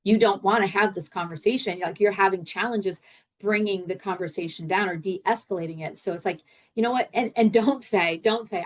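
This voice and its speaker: A woman's voice: mid-range voice, moderate pace. A middle-aged woman hosting a leadership podcast, coaching in a casual, conversational way and often repeating her words. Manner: conversational, repeats words, acts out example phrases.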